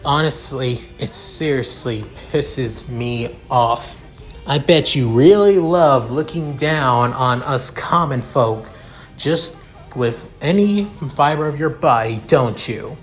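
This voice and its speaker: A man voicing a hot-tempered young male commoner student who shouts and swears with indignation. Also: mid-range voice, takes it slowly, soft background music, natural voice. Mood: contemptuous.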